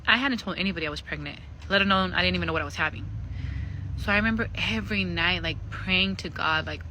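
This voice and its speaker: A woman's voice: on the low side, fast talker, sharp tone, slight background noise, low-quality recording. A young adult woman casually telling a true scary story in a chatty, profane, filler-heavy way. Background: music.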